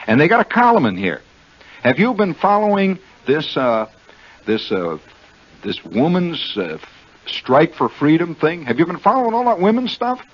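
A man's voice: a little high, huge pitch swings, normal speed, husky. A man hosting a radio show, rambling in a wry, mock-earnest monologue from a studio. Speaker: radio host. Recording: dull lo-fi 1969 radio broadcast.

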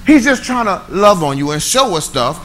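A middle-aged man, preaching a conversational, animated sermon with call-and-response to a church. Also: high-pitched, normal speed, a little hiss or hum, low-quality recording. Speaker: pastor. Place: church sanctuary.

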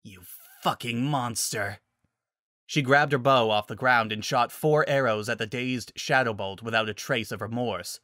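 A man narrating a dramatic story reading in an animated way. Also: mid-range voice, normal speed, few pauses, no room sound, clean studio sound.

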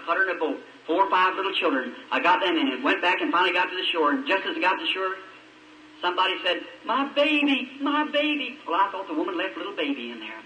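A man's voice: sits high, sharp tone, slight background noise. A man in his forties preaching a sermon, telling a dramatic story in a rousing storytelling manner. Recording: echoey old radio-style recording from a distance.

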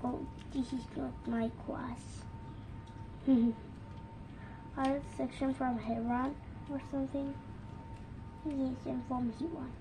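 A woman's voice: high-pitched, level tone, slow pace, pauses often. A woman narrating a pretend-school play session, switching between a teacher and her pupils. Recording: noisy home recording.

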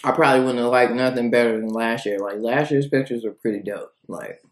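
A woman's voice: a bass voice, brisk, echoey room. A woman reviewing cookies in a casual food vlog, chatty and rambling, thinking aloud between bites.

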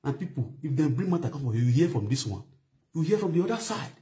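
A young adult man from Nigeria with a Nigerian Pidgin English accent, talking straight to his viewers in a casual, animated live video monologue and repeating his points. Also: fairly high pitch, quick pace. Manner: animated, addresses viewers directly, repeats phrases. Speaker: online show host.

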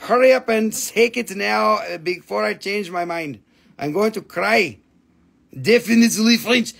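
A man's voice: high voice, measured pace, gravelly, a bit bright, slightly rough. Crude, joking man selling crystals. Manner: crude joking sales patter. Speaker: live sale host. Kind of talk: live shopping stream.

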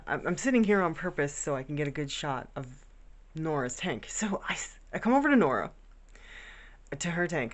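A woman with a slightly low voice chats at home about her pets. She tells the story casually and rambles, fond and proud of them. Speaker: vlogger. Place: home bedroom.

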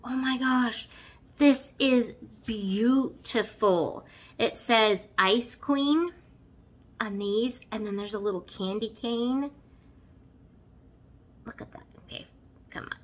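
A woman's voice: a little high, slow, long pauses. A woman vlogger chatting casually while unboxing, gushing and exclaiming over everything. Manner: gushing, effusive, exclaims often.

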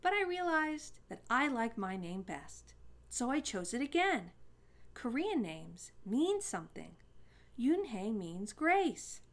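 Woman reading young Korean schoolgirl, shy, earnest, soft-spoken, unhurried. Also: a little high, big pitch swings, voice pushed up, full character voice.

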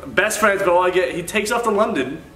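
A man's voice: high voice, expressive, fairly quick, pushed and bright. A man in his twenties chatting casually with friends as host, telling teasing complaints about a friend. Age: 20s. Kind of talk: casual chat. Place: indoors, a house. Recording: echoey room with faint music, mic at a distance.

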